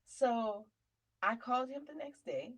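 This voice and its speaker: A woman comedian and show host telling a funny personal story, chatty and animated, calling listeners honey and slipping into faith testimony. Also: a little high, unhurried, rough recording. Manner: testimony-style preaching about faith.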